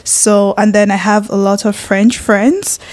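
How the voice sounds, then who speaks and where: A young woman talks openly in an interview, in a voice of middling pitch. She is chatty and expressive, often pausing on "um" and starting her sentences over. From Nigeria. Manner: chatty and expressive with many fillers and restarts. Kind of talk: casual interview chat.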